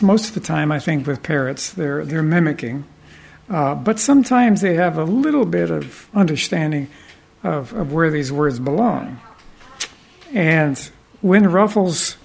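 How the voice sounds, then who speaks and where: A man telling folksy, rambling anecdotes, pausing often and restarting his sentences as he goes. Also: fairly high pitch, creaky. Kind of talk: anecdotal storytelling talk.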